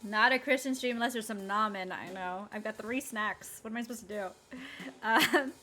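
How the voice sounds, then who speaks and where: A woman's voice: a little high, normal speed, pushed and bright. A woman streamer chatting casually and joking between game lines, laughing often. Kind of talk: casual live-stream chat.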